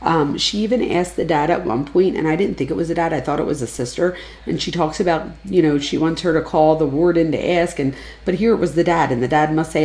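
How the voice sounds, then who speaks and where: A woman's voice: low-pitched, fast talker, darkish tone. A woman giving casual, analytical true crime commentary, chatting freely and lifting her voice when she quotes people.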